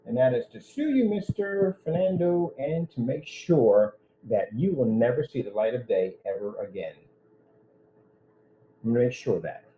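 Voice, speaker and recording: A man's voice: mid-range voice, expressive, moderate pace, dark tone, slight background noise, low-quality recording. A man running his own business, ranting in a vlog with indignant threats aimed at one person. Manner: repetitive, addresses one person directly. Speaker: business owner.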